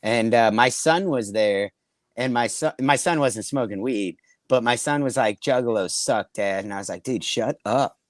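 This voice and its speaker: A man's voice: medium pitch, normal speed, dry recording. Profane rambling man telling stories. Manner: profane, laughing, rambling anecdotes. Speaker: comedy podcast host. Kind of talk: casual storytelling chat.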